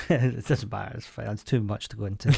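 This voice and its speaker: A man's voice: lowish voice, normal speed, gravelly, a little mellow, husky. A man co-hosting a podcast, chatting casually in a blunt, sweary way with frequent laughs. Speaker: podcast co-host. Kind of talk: casual chat.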